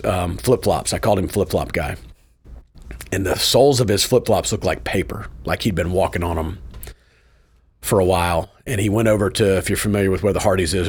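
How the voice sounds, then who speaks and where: A middle-aged pastor in an interview, telling a personal story in a lively way, often asking "right?" and breaking into short laughs. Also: male voice, low voice, husky. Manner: animated storyteller, tags points with "right?"; laughs between lines.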